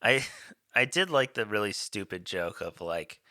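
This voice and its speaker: Male podcast host, bright forward voice, dry close sound, rambling and laughing easily. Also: fairly low pitch, lively intonation, unhurried, no room sound. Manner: rambling, laughs often, many "like" fillers. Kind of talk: casual movie-review chat.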